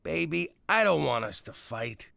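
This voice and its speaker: A man voicing a blustery middle-aged mob father in a cartoon, exasperated, who shouts and then gives in to his daughter. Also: a little high, sing-song, a little slow, gravelly, dry recording, exaggerated voice. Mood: coaxing. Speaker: strip club co-owner and father.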